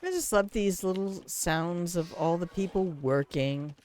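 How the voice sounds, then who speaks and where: A woman's voice: lowish voice, measured pace, a little mellow. An older woman streaming a game, chatting casually in a sarcastic, self-mocking way into a desk mic. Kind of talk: casual live-stream chat while gaming.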